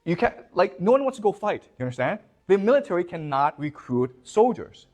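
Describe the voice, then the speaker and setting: A man's voice: high voice, very animated, darkish tone. A male professor from China lecturing a class, firing questions at the students and checking "okay?" after nearly every point, often repeating words as he pushes on. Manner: quizzes the class with rapid questions, tags "okay?" constantly.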